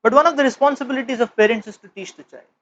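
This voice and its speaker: A man giving a spiritual lecture as teacher, telling a parable with slow, emphatic, measured phrasing, on a dull lo-fi recording. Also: very high-pitched, fairly bright tone.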